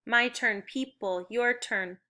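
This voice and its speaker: Bright-voiced woman teaching phonics slowly. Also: fairly high pitch. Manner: slow, clear, encouraging teacher voice. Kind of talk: recorded phonics lesson for young children.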